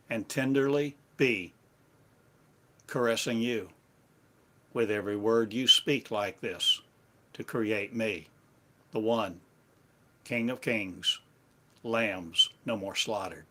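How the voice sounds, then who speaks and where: A man giving a slow, meditative sermon in halting, repetitive phrases, like an incantation. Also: lowish voice, sharp tone. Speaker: spiritual teacher.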